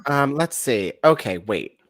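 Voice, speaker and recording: A man's voice: medium pitch, very animated, measured pace, a bit bright, dry recording, clean studio sound. A man hosting a casual happy-hour show over a video call, reading out multiple-choice quiz questions and laughing easily. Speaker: host. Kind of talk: quiz-style casual chat.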